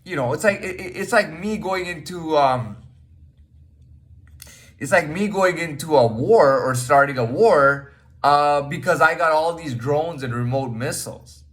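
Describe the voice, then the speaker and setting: Unhurried and fairly bright, a man's voice on the high side carries a casual podcast monologue that rambles and circles back on itself. He swears freely and bluntly, with frequent fillers, restarts, and "man."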